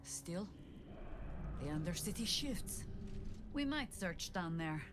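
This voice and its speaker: A woman's voice: lowish voice, very animated, background noise. An actress playing a stern, older half-elf druid woman who speaks curtly and measuredly with dry wit. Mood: reminiscing. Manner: curt, measured, dryly wry. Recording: game audio with music underneath.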